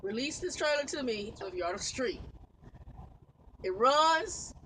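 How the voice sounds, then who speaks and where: A woman tells a trucking story in a casual vlog, exasperated, cursing and laughing as she goes. Her voice is bright, sits a little high, and a faint hum of vehicle noise runs behind it. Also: animated, unhurried, rough recording. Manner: exasperated, vents with laughs and swearing. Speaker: truck driver vlogger. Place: inside a truck.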